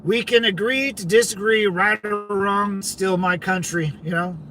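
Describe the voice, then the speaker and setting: A man's voice: high voice, steady tone, unhurried, sharp tone, faint music behind. A man from California hosting a casual livestream, rambling conversationally and talking back to his viewers, with lots of "man" and "dude". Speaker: livestream host.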